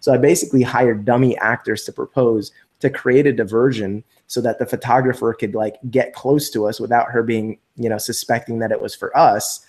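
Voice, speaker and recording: A man's voice: medium pitch, brisk, hardly any pauses. A man telling a story casually in an interview, full of fillers and acted-out quotes. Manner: animated, acts out quoted voices, many fillers. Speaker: interview guest.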